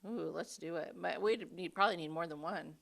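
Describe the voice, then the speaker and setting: A woman's voice: on the low side, brisk, creaky, fairly bright tone. A woman co-hosting a casual podcast chat, easygoing and full of agreeing murmurs. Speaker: podcast co-host.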